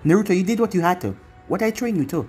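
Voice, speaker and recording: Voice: medium pitch, lively intonation, fast talker, a little mellow, soft background music, natural voice. A reader voicing a firm, caring ninja mother. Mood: earnest.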